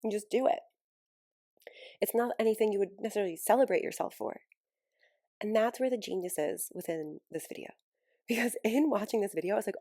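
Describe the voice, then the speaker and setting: A woman's voice: on the high side, animated, brisk, darkish tone, dry recording, clean studio sound. A woman hosting a casual solo podcast, gushing and enthusiastic, laughing often between thoughts. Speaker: podcast host and healing coach.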